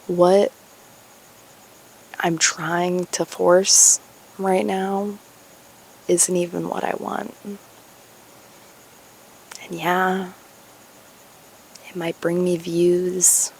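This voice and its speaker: A young woman talking candidly to her viewers in a vlog, musing slowly, laughing and swearing casually. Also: fairly low pitch, flat delivery, creaky, a little mellow, a little hiss or hum. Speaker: spiritual YouTuber.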